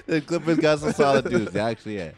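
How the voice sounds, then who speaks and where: A male podcast host in loose, casual sports talk, quick to laugh. His voice sits at a middle pitch but swings widely, with faint music in the background. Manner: animated, laughs a lot. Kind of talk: casual chat.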